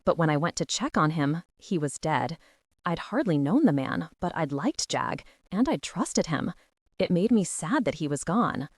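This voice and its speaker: A woman with a lowish voice narrates a first-person audiobook, her pitch rising and falling with feeling. The sound is close and very dry, with no room around it. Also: big pitch swings, moderate pace, slightly rough, dry recording.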